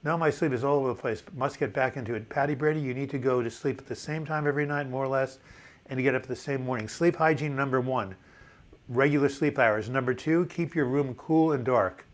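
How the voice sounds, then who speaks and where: A man's voice: medium pitch, brisk. Older male host, seventies, chatty and upbeat, reads comments aloud, stumbles and restarts words. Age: 70s. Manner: chatty, enthusiastic, repeats words when restarting. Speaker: live chat host. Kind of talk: casual live chat reading viewer comments.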